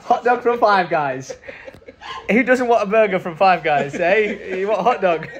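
A man chatting excitedly in a casual vlog, gushing and laughing often. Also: high-pitched, moderate pace, highs cut off. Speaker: vlogger.

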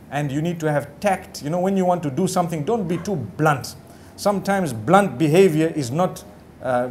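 Man, high pitch, Islamic preacher, chatty lecture, faint background hum. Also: a little mellow. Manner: conversational, with frequent "you know" asides; acts out the quoted lines of others. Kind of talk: lecture to a live audience.

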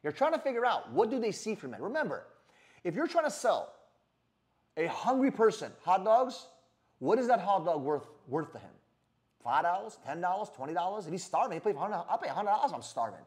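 A man giving an energetic sales coaching talk in a brash manner, swearing freely and often asking "right?". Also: high voice, brisk. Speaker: sales trainer.

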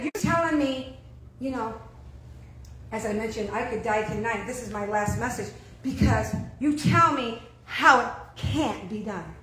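A woman with a high voice preaches a lively sermon. She keeps throwing questions out to her congregation. The room around her is echoey. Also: measured pace. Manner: animated, calls out questions to the congregation. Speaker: pastor.

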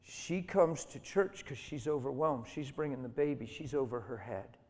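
A man's voice: mid-range voice, moderate pace. A middle-aged man preaching a sermon, telling a story with energy and acting out the voices of other people. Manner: animated storytelling, acts out voices. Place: large hall with long reverb. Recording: reverberant hall.

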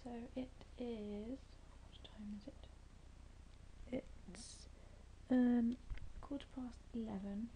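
A woman's voice: a little high, fairly even intonation, extremely slow, dark tone, a little hiss or hum, poor audio. A young woman vlogging casually to her camera, rambling and self-mocking, sometimes whispering late at night. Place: indoors at work, then in bed at home.

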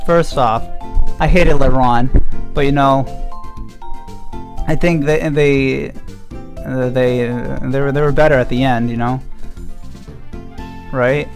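A young man streaming a game, rambling in a mock-mournful way and filling pauses with lots of ums. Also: medium pitch, steady tone, vocal fry, faint music behind. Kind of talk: casual let's-play commentary.

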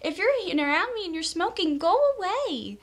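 Young female vlogger, high voice, fed-up ranting tone, acts out annoying people. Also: animated, fairly quick, fairly bright tone. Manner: exasperated, mocks others in quoted voices. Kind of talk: casual rant to camera.

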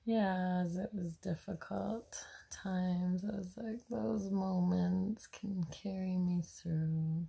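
A woman's voice: lowish voice, fairly even intonation, takes it slowly, gravelly, mellow, husky. A young adult woman vlogging about her day in a dreamy, gushing way, laughing often. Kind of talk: casual daily vlog.

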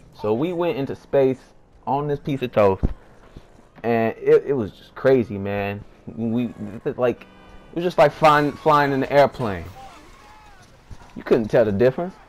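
In a medium-pitched, slightly mellow voice, this young vlogger delivers a funny story-time tale full of slang, fillers, and sudden hype. He wanders as he talks and impersonates his friends in the quoted lines.

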